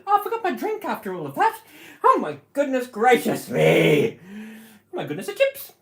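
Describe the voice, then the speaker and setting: A man's voice: very high-pitched, huge pitch swings, normal speed, gravelly, a bit bright, roomy sound. A man hosting his own live stream, chatting casually with viewers in a playful, giggly way and breaking into bits of song.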